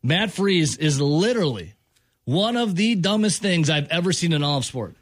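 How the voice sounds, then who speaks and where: A man's voice: fairly high pitch, lively intonation, normal speed, no room sound. A male sports talk host in an exasperated rant, hammering the same point over and over. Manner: exasperated, repeats points with emphasis.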